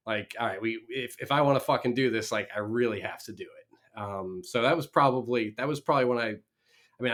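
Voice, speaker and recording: Fired-up guy from minnesota on a podcast, swears freely, keeps restarting his sentences, mid-pitched voice. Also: fairly bright tone. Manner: high-energy, blunt and profane, many quick restarts. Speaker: guest, real estate investor. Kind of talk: casual interview storytelling.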